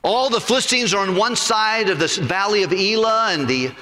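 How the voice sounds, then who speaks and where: A man preaching a sermon, retelling a story in an animated way and often repeating words as he goes. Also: sits high, moderate pace, big-room sound.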